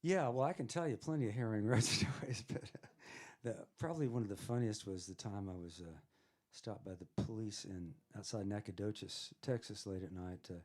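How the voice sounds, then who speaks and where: Low-voiced laughing storyteller, a man. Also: a little fast, few pauses, a little mellow. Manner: chuckling, rambling anecdotes with many fillers. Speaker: singer-songwriter guest. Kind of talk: casual storytelling on stage.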